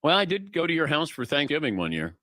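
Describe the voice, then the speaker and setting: A man's voice: on the high side, very animated, fast, bright, forceful tone, dry recording. A middle-aged man hosting a sports talk radio show, chatting casually and telling anecdotes, acting out the voices of people he quotes. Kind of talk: casual on-air chat and storytelling.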